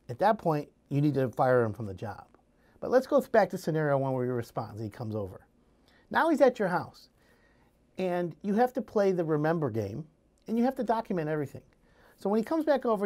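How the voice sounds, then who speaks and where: Guy giving contractor advice, lively up and down delivery, acts out little scenes as he goes. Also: fairly high pitch, a little fast. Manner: animated storytelling, acting out scenarios. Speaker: home improvement advisor. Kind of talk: casual advice talk.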